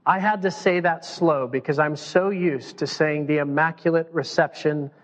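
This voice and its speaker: A male pastor preaching a sermon, animated and acting out the voices of the people he quotes. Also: on the high side, normal speed. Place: church sanctuary. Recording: dull sound, long hall reverb.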